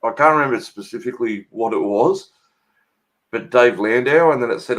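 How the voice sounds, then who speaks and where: A man in casual chat, telling an animated story with stammers and frequent laughter. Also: medium pitch, normal speed, poor audio.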